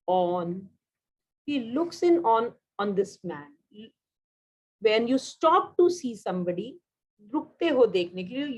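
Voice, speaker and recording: A woman's voice: a little high, low-quality recording. Indian woman teacher drilling vocabulary. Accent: Indian English. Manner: switches into Hindi mid-sentence, drills words, quick praise. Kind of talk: online vocabulary class.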